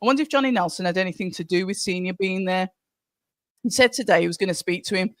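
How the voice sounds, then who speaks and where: A woman's voice: lowish voice, quick pace, no room sound, clean studio sound. Chatty woman hosting a livestream. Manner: chatty, reads viewer comments aloud. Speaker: livestream host. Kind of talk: casual live commentary chat.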